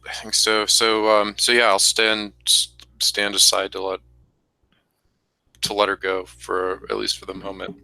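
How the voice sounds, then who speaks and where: A man playing in a tabletop role-play game, speaking in a hesitant, halting way. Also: fairly low pitch, monotone, creaky, pushed and bright, no echo, poor audio. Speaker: player.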